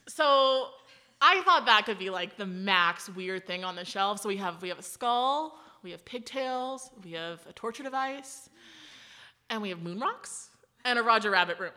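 A woman in her thirties telling a casual story, animated, laughing often and saying "like" a lot. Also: medium pitch, moderate pace. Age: 30s.

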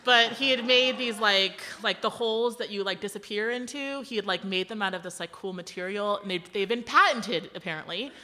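A woman in her thirties telling a casual story, animated, laughing often and saying "like" a lot. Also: medium pitch, brisk, few pauses, slight background noise. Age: 30s.

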